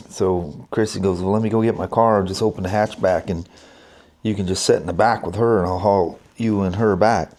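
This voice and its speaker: A man's voice: lowish voice, darkish tone. A middle-aged man vlogging casually, telling a family story in a rambling way with lots of fillers and restarts.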